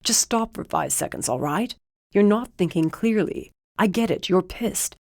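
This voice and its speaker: A woman's voice: medium pitch, animated, unhurried, vocal fry, a little mellow, dry recording, clean studio sound. A woman narrator voicing a protective young adult man who argues with urgent, level reasoning. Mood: firm. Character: protective young adult male ally, steady and firm. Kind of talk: audiobook character voice.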